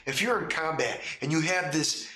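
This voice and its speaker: Male host and game master, bright, emphatic, repetitive, echoey room. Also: fairly high pitch, normal speed, soft background music. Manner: emphatic, repetitive, rhetorical questions. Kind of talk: casual opinion talk.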